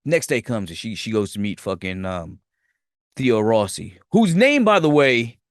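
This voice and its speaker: A man's voice: lowish voice, sing-song, unhurried, no room sound, clean studio sound. A man hosting a podcast, animatedly telling a movie's plot in a rambling, profane, casual way. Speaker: podcast host.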